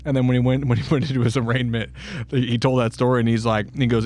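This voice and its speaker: A man's voice: mid-range voice, little pitch movement, racing, a little mellow. A man co-hosting a casual true-crime podcast, swearing freely, laughing and acting out quotes. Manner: profane, laughing, acts out quotes. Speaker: podcast co-host.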